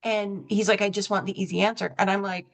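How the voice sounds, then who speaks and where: A woman's voice: mid-range voice, steady tone, brisk. A woman hosting a coaching podcast, reflective and self-correcting, telling stories and acting out both sides of the dialogue. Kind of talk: conversational interview.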